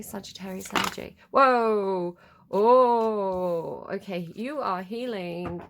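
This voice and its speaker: A woman's voice: medium pitch, a little hiss or hum. A woman giving a casual tarot reading, giggly, playful and rambling. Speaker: tarot reader.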